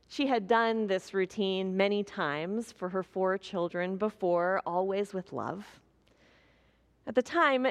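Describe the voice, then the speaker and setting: A woman preaching a sermon, with a slow, gentle way of telling stories. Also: a little high, long reverb tail.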